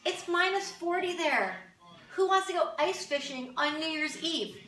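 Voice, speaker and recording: A woman's voice: very high-pitched, measured pace, bright, forceful tone, roomy sound, recorded from a distance, low-quality recording. A woman from Canada chatting casually to camera as a vlogger, with wry, amused asides.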